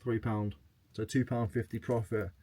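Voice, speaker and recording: A man's voice: on the low side, little pitch movement, normal speed, warm tone, no room sound. A man chatting casually to camera as a reselling vlogger, joking as he goes through his sales. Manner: chatty and jokey, reading out sales.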